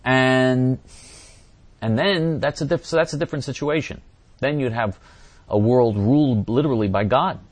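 A man's voice: mid-range voice, moderate pace, dry recording. A man giving impassioned religious teaching and answering viewer questions, repeating phrases and acting out quoted voices.

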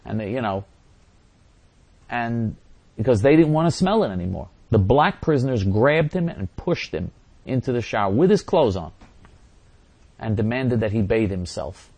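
A male talk show host answers listener messages at a middling pitch. He rambles through them with restarts and sarcastic asides. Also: very animated, normal speed, pauses often, darkish tone, husky.

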